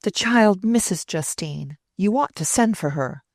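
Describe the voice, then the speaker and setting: A woman's voice: mid-range voice, lively intonation, unhurried, a little mellow, no room sound, studio quality, voice pushed up. Haughty older society woman, pointed and cool; woman narrator puts her on.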